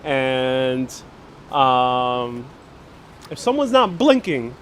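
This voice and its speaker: Walking outdoors along city streets, this vlogger hosts a live stream from a handheld phone, his mid-range voice sing-song and very slow. His casual chatter is full of fillers, restarts and laughter, with a slight hiss or hum in the audio.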